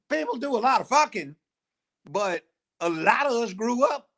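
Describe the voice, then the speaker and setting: A man who is a judge, giving a blunt, profane, animated opinion during a talk show chat. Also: very high voice, normal speed.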